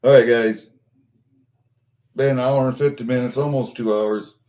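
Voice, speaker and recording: A man's voice: mid-range voice, fairly even intonation, moderate pace, a little mellow, muffled recording. A middle-aged man chatting casually with his livestream viewers, rambling and swearing, with lots of fillers and restarts. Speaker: vlogger chatting with live viewers.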